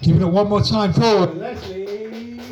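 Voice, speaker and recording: A man's voice: high voice, highs cut off, background noise. A man hosting a pub comedy night, compering loosely between acts and stumbling over fillers. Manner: loose and halting, with many fillers.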